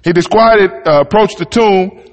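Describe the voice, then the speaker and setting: A man's voice: high-pitched, moderate pace, long reverb tail. A man preaching a sermon, reading scripture aloud and breaking off into casual, folksy asides to the congregation. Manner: conversational, reads verses then riffs in folksy Southern-style talk.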